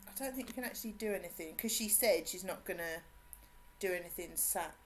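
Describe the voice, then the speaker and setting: An English woman whose accent blends Suffolk, Cockney and a Brummie twang. She chats in a bubbly way with her viewers while streaming a game. She greets people warmly by name and laughs often. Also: on the low side, a little fast, slight background noise. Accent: English, mixed Suffolk, Cockney and Brummie. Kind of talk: casual live-stream chat.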